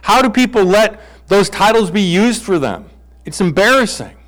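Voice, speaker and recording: Joking pastor preaching a sermon. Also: male voice, high-pitched, animated, moderate pace, fairly bright tone, low-quality recording. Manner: playful, acts out bible characters in comic voices. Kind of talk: conversational sermon.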